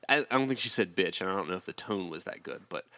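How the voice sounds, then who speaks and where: Guy cohosting a podcast, bright voice, jokey movie recap banter. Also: deep voice, lively intonation. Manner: joking, quick asides with acted quotes. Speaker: podcast co-host. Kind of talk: casual movie recap chat.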